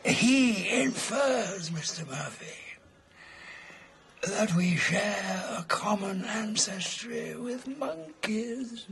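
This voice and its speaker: Gelon Lamb, a florid, gravelly drunk. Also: male voice, sits high, lively intonation, drawn-out words, crowd noise, full character voice. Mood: rambling. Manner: theatrical and florid, breaks into song and laughter. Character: drunken, pompous, rambling male adventurer. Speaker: wandering adventurer. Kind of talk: film drama acting.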